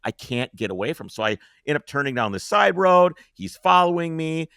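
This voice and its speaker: Male podcast host, casual and animated storyteller who acts out scenes, lively pitch, dry close sound. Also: fairly quick, creaky, clear, resonant tone, no room sound.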